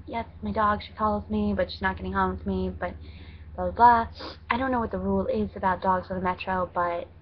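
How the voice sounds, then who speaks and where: A woman's voice: mid-range voice, dull audio, slight background noise. A young American woman telling stories in a casual vlog, chatty and rambling, correcting herself with lots of fillers. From United States. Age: young adult. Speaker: student vlogger abroad.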